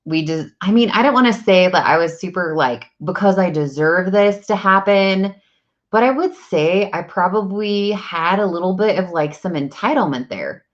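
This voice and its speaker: Speaking at normal speed in an expressive, lowish voice over dull audio, an energy practitioner and coach talks casually to camera about spiritual matters. She is chatty and goes on at length, her speech packed with "like" and "um."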